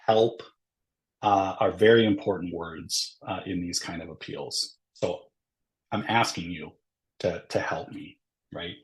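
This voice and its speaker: A man with a lowish voice presents a webinar lesson on a low-quality recording. He walks through the material step by step in a conversational way, with ums and uhs, and keeps checking in with "right?" between points.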